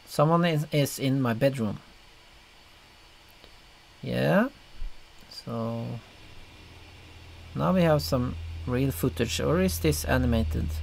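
A man's voice: medium pitch, slow pace, creaky, long pauses, slight background noise. A man hosting a reaction video, commenting casually in a rambling way with lots of fillers. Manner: rambling, filler-heavy, chuckling.

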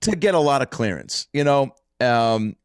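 Animated male podcast host telling stories. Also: mid-range voice, moderate pace, clear, resonant tone, no echo, clean studio sound. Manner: animated storyteller, swears freely. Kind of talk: casual podcast chat.

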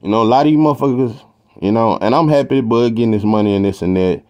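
A man's voice: lowish voice, fast, a little mellow. A man with a Texan accent hosting a boxing talk show, rambling and emphatic, with plenty of slang and profanity. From Texas. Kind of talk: casual opinionated boxing commentary.

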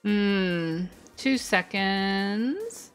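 A woman hosts a live game stream, voicing the dialogue as she goes and dropping chatty, self-mocking asides between the lines. Her voice sits at an ordinary middle pitch. Soft music plays faintly underneath. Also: lively intonation, very slow, clear, resonant tone.

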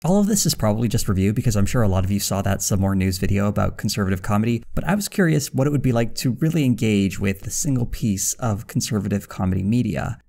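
A man's voice: fairly low pitch, animated, fast talker, vocal fry, few pauses, mellow. A man narrating a scripted commentary video in a dry, critical manner. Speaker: video essayist.

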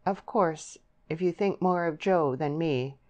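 An eager young man, impatient and passionate, pressing his case insistently, as a woman reads him in her own low voice. The delivery stays close to the narrator's everyday tone. It is a storybook audiobook. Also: a little slow, a little mellow, muffled recording.

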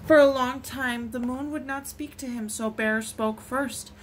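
Storytime reader, woman, high, slow and lilting, expressive. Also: a little hiss or hum. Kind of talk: reading picture books aloud.

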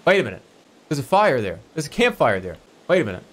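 A man streaming a video game, giving excitable live commentary that jumps into yelps and rapid repeats. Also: medium pitch.

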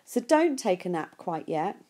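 Kind reassuring mum, woman reading her part, warm mellow voice, a little lifted. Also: lowish voice, very animated, unhurried, breathy edge, full character voice. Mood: excited. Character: gentle, reassuring mother.

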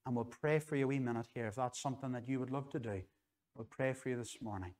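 A man's voice: medium pitch, fast talker, a little mellow. A middle-aged man with a Northern Irish accent preaching an earnest, conversational sermon in church that ends in an altar call. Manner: earnest, conversational, repeats phrases for emphasis.

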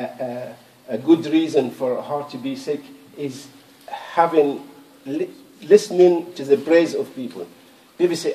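A man's voice: fairly high pitch, warm tone. A man giving a Friday sermon as imam in a mosque, talking conversationally, repeating words and reciting scripture in Arabic. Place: mosque prayer hall. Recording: echoey, distant room recording.

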